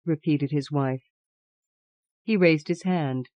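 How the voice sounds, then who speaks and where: A woman narrates an audiobook in a measured, even manner. Her voice sits low, and the recording is dry and close. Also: no room sound. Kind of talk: scripted narration.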